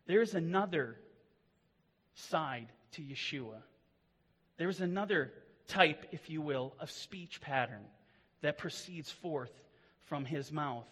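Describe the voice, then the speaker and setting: A man delivers a sermon in a high, bright voice that rings out with a long hall reverb. He is earnest, pressing hard on some lines and sinking low and quiet on others. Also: husky. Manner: earnest, swings between loud emphatic lines and low quiet ones. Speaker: preacher.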